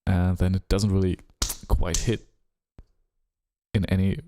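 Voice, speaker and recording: A man with a German accent chatting casually during a live music-production stream, musing and relaxed, humming rhythms and trailing off. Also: low-pitched, measured pace, a little hiss or hum. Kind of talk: casual live-stream chat while working.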